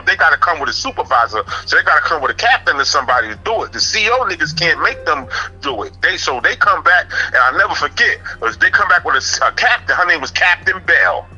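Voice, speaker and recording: A man's voice: high voice, sharp tone, rough recording. A man with a New York accent, casually telling a prison story and often asking "you know what I'm saying".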